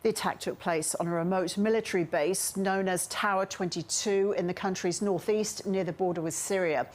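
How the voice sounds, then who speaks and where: An Australian woman presenting a television news bulletin in a measured, formal manner. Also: on the low side. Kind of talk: newsreading.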